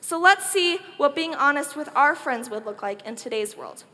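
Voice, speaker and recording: A woman's voice: sits high, normal speed, in a large hall. A woman giving a chatty, joking youth talk, retelling a Bible story casually. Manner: animated, chatty, jokey. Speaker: youth speaker.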